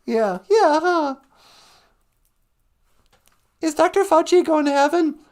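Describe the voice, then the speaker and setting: A woman's voice: sits high, lively intonation, takes it slowly, darkish tone. A woman hosting a comic live-stream chat, mock-earnest and sarcastic, saying solemn-sounding mock prayers. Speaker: host.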